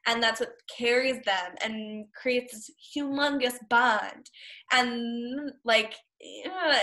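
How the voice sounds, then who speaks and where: Woman fan in casual chat, bright, slightly high voice, gushing and rambling, lots of fillers. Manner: enthusiastic, rambling with many fillers. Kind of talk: casual chat about a cartoon series.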